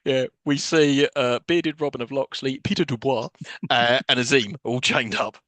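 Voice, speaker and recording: A man co-hosting a film podcast, retelling scenes in a casual, animated and incredulous way, swearing freely. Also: mid-range voice, moderate pace, no echo. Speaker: podcast co-host. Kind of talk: casual film review chat.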